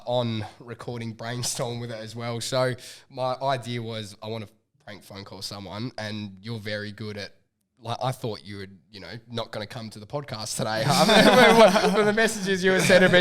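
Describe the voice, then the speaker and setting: A man hosting a casual podcast, relaxed, swearing freely and laughing along with his guests. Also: on the high side. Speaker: podcast host.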